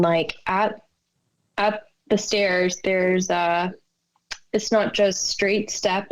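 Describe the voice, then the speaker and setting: A woman's voice: mid-range voice, vocal fry, darkish tone, poor audio. A woman as a podcast guest, telling a personal story with emotion and acting out the lines of people in it. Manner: emotional storytelling, acts out quotes.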